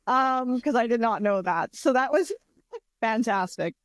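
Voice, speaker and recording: A woman's voice: on the high side, unhurried, dry recording, clean studio sound. Chatty, laughing young woman co-host. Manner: animated, laughs a lot, rambling. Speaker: podcast co-host and author. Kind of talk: casual chat.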